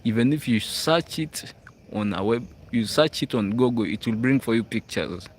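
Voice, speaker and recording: A chatty Ugandan livestream host speaks in an expressive, mid-range voice at normal speed, with slight background noise, reading viewers' comments aloud and often adding "hmm?" He's having a casual live chat in Ugandan-accented English, outdoors on school grounds at night.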